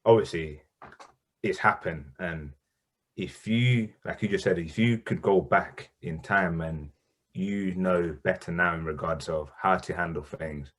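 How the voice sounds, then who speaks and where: A podcast host with a very low male voice. He asks long, winding questions and keeps the conversation loose and casual. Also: measured pace.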